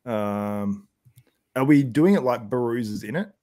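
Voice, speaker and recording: A man's voice: medium pitch, measured pace, mellow. A young Australian man hosting a casual podcast chat, rambling with lots of fillers and laughs. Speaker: podcast host.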